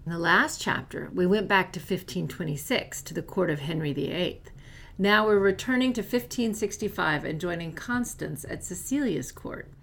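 A woman's voice: lowish voice, normal speed, gravelly, fairly bright tone. A woman co-hosting a podcast, giving a friendly, upbeat introduction to the episode. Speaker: podcast co-host.

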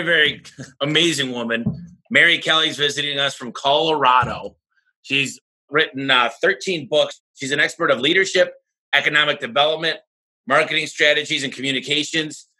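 A man hosting a podcast, giving an energetic, somewhat rambling introduction of his guest. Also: fairly high pitch, low-quality recording. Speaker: podcast host. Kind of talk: casual podcast interview.

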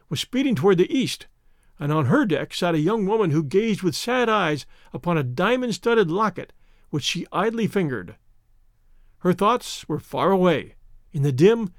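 Man reading a storybook out loud, expressive, fairly high voice, dry close sound. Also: no room sound. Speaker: audiobook narrator. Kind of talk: scripted narration.

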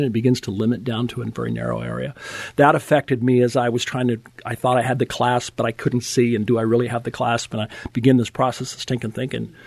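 An older man with a gravelly, creaky voice tells a personal story in a relaxed interview. He talks in an animated, chatty way, chuckling as he goes and restarting words. The sound is dry and close. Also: mid-range voice, dry recording. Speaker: guest telling his testimony. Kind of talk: conversational storytelling.

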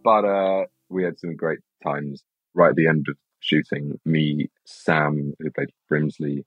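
A young British man, an actor, chatting casually in an interview, telling rambling, animated stories with lots of restarts. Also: rumbling low, unhurried, no echo. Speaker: actor guest. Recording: slightly dull lo-fi sound.

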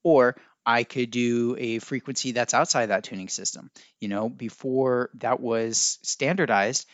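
A man's voice: mid-range voice, fairly even intonation, a little slow, dry recording. A man hosting a solo podcast, talking in a musing, teacherly way that keeps correcting itself. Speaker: podcast host. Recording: dry, dull lo-fi sound.

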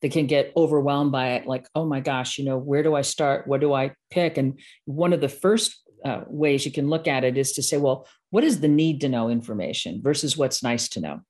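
A Midwestern American woman appears as a guest expert on course creation, chatting casually in an interview, laughing often and poking fun at herself. Her very deep, slightly mellow voice moves at a normal speed with few pauses.

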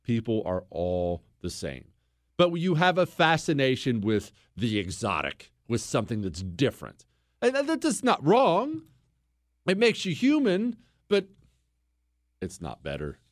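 A man's voice: medium pitch, wildly swooping pitch, unhurried, no echo, studio quality. A middle-aged American man hosting a talk show, bantering and mock-boastful as he answers listener questions. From United States. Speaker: radio talk show host. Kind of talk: casual call-in advice chat.

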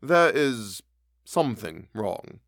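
A man's voice: mid-range voice, very animated, slow pace, gravelly, a bit bright, no echo, studio quality, full character voice. A man voicing a frightened, loyal male manservant who speaks deferentially and doggedly. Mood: afraid.

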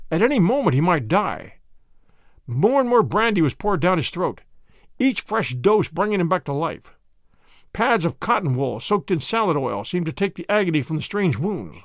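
A man reading a first-person story aloud with measured, dramatic delivery. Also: a little high, no room sound, clean studio sound. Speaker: audiobook reader.

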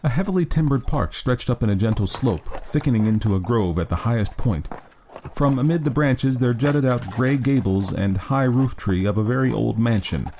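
A man narrating a classic story as an audiobook in a measured, even reading. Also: medium pitch, slight background noise.

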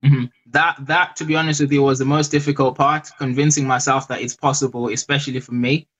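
A man guest in an interview, speaking hesitantly with frequent pauses and restarts. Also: mid-range voice, level tone, a bit bright, husky, low-quality recording. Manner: hesitant, many fillers and restarts. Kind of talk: casual interview.

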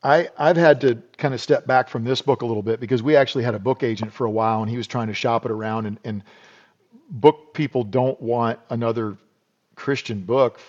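Medium-pitched and a little mellow, a middle-aged American man talks fairly quickly in a steady tone. He's a podcast guest in a casual storytelling interview, rambling folksily with plenty of "you know," and the sound is dull and lo-fi.

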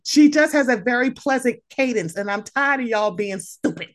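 A woman hosting a podcast in casual chat, animated and sassy, acting out exchanges with people. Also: fairly high pitch, moderate pace, hardly any pauses. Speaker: podcast host.

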